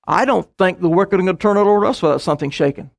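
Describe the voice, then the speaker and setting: Casting: middle-aged male preacher, high-pitched, storytelling sermon with quick asides. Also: gravelly.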